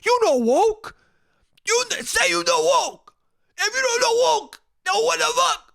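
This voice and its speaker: A young man putting on his loud older uncle, who shouts the same word over and over and never explains. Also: high-pitched, very animated, normal speed, no room sound, studio quality. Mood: shouting insistently. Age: young adult. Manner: shouting, insistent, won't explain.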